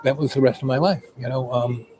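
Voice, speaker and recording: An older man telling a long personal story in a meandering, casual way, full of "you know" and pauses. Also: mid-range voice, fairly even intonation, warm tone, slight background noise, poor audio.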